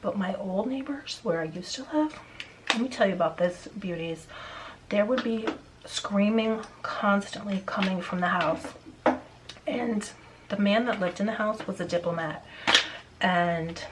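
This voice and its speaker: Woman, vlogger, rambling venting chat, mid-pitched voice, faint hiss behind. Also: unhurried. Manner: venting, rambling with frequent restarts. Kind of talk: casual storytime chat.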